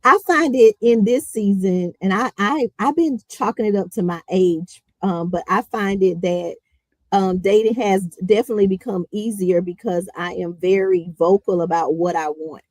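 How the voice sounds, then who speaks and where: A woman's voice: medium pitch, moderate pace, darkish tone, no echo, low-quality recording. Woman hosting a podcast, chatty and upbeat, dry close sound. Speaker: podcast host. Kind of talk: casual podcast chat.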